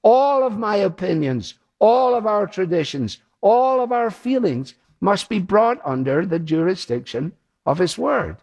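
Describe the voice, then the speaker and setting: A man's voice: sits high, very animated, a little slow, a little mellow. A man preaching a sermon, earnest and emphatic, repeating his key phrases.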